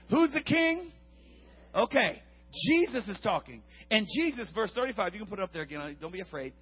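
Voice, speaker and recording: High-voiced, husky preacher man. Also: muffled recording. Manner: dramatic, acts out Bible characters, swings from shouts to hushed tones. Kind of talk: lively sermon with humor.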